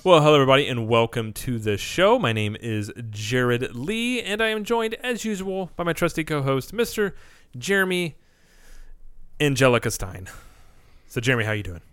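A man hosting a casual podcast chat, talkative and quick to laugh, often restarting his sentences. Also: mid-range voice, very animated, fairly bright tone, smooth, dry recording. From American Midwest. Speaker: podcast host.

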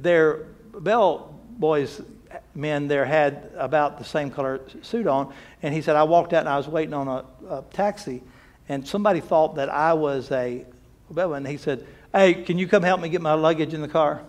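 Male pastor, folksy storyteller, slightly high-pitched. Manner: folksy, repeats words, conversational storytelling. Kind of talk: sermon with storytelling.

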